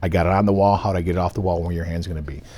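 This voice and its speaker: A man's voice: low-pitched, fairly even intonation, very fast, warm tone. A man working as an evidence technician, explaining step by step in short listed phrases during an interview. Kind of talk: interview answers.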